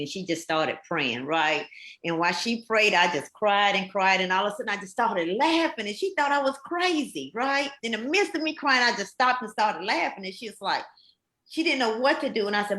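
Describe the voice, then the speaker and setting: A woman's voice: mid-range voice, lively intonation, brisk, sharp tone. A woman, a fire captain on a panel, telling her story earnestly and emphatically, with many repetitions. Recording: echoey room.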